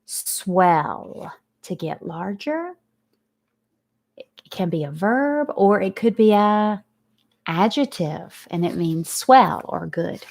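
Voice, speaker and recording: A woman teacher giving a recorded phonics lesson to young students, slowly sounding out letters and praising her pupils. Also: medium pitch, animated, gravelly, darkish tone.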